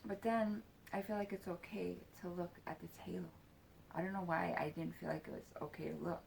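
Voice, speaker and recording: A woman's voice: fairly low pitch, fairly even intonation, brisk, creaky, a little mellow, slight background noise. A woman in her forties telling a personal story in a casual, rambling way, with lots of fillers and swearing. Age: 40s.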